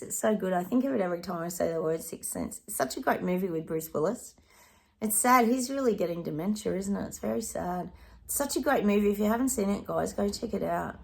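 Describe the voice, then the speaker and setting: Her voice is medium-pitched, a little mellow, and touched with vocal fry. She's a middle-aged Australian psychic doing a chatty direct-to-camera reading, calling viewers "guys" and singing snatches of songs along the way.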